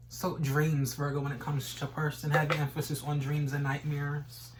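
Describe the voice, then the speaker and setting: A man's voice: on the high side, monotone, normal speed, hardly any pauses, slight background noise, low-quality recording. Man giving a rambling tarot reading. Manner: rambling, repeats stock phrases, swears casually. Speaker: tarot reader.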